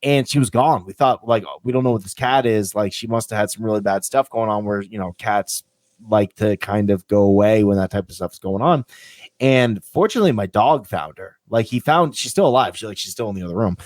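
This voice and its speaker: A man hosting a casual podcast chat, telling lively stories and swearing casually. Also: fairly low pitch, a little fast, dry recording. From Vermont, US. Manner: animated storyteller who acts out pets' voices. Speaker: podcast host.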